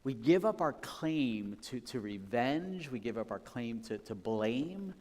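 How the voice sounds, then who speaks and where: A man's voice: medium pitch, lively intonation, a little slow, a little mellow. Pastor, man, chatty sermon delivery, church hall with long reverb. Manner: conversational, personal and full of asides. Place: church sanctuary.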